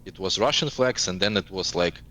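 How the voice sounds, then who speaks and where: Low-voiced man, halting English. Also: animated, bright, forceful tone, rough recording. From eastern Ukraine. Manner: searching for words in a second language. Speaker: guest. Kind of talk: casual interview talk.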